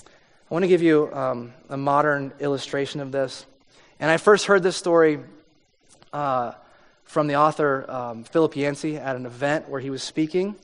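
A man's voice: on the high side, moderate pace. A man preaching a conversational sermon, reading scripture and explaining it, sometimes acting out the people in the story. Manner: conversational preaching, acts out voices with rising intensity. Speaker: pastor. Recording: long hall reverb.

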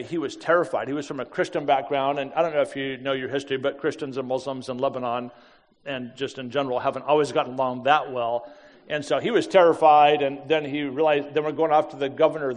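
Animated storytelling man in a large hall. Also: fairly high pitch. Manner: lively, acts out quoted voices, laughs often. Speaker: speaker telling a personal story. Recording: long hall reverb.

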